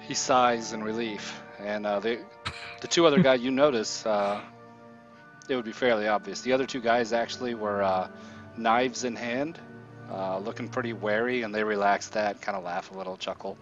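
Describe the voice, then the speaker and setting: A man narrating as game master of a tabletop game, relaxed and pausing with fillers. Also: lowish voice. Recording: dull lo-fi recording with faint music.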